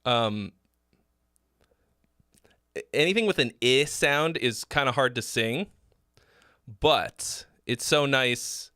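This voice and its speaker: Male streamer-host, bright tone, dry close sound; casual, blunt song-critique delivery with fillers. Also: medium pitch, takes it slowly, long pauses, smooth, dry recording. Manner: frank and loose, swearing, many fillers and restarts. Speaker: host giving song feedback.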